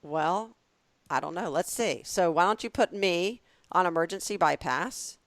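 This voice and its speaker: A woman's voice: measured pace, no room sound. A woman from the States, co-hosting a podcast and telling stories animatedly, acting out the voices she quotes. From southern United States. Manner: animated storyteller, acts out quotes with big pitch jumps and laughs. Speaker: podcast co-host. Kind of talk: casual comedic storytelling.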